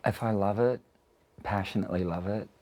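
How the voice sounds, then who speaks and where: A man's voice: fairly low pitch, fairly even intonation, fairly quick, mellow. An Australian man in a casual interview, talking reflectively and explaining his ideas through extended analogies. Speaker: interviewed musician.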